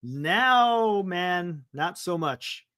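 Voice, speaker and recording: A man's voice: high-pitched, animated, very slow, pushed and bright. A man hosting a live sports stream, chatting loosely, reading viewer comments and laughing often.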